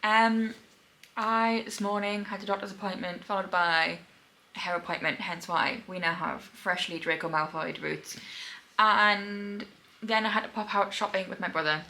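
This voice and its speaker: A young woman chatting casually in a bright, crisp voice as she records a reading vlog at home. She sounds tired and laughs often as she talks. A faint hiss of room noise sits under her voice. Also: mid-range voice, fairly even intonation, normal speed, low-quality recording. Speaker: book vlogger. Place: home indoors.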